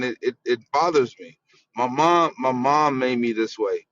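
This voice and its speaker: A man's voice: mid-range voice, unhurried, no room sound. Laughing chatty man, dry dull audio. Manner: laughs a lot, chatty, animated. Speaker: co-host. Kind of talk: casual chat.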